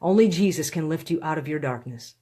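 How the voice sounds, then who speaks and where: A woman reading her own book aloud in a live stream, pleading and heartfelt, with slow, deliberate phrasing. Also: deep voice, animated, dark tone, husky. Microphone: phone or webcam on a live stream.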